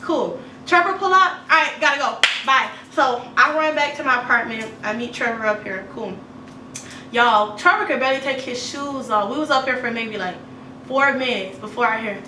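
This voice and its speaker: High bright woman spilling tea, lots of slang, echoey room, mic kinda far. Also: normal speed, background noise. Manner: animated gossip with lots of slang, acts out quotes. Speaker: storyteller. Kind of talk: casual storytime chat. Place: home, indoors.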